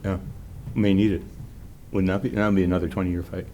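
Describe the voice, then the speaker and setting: A man's voice: low voice, flat delivery, a little fast, warm tone, muffled recording, a little hiss or hum. A man on a city commission, talking in a rambling, conversational way during a meeting. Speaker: commission member. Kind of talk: meeting discussion.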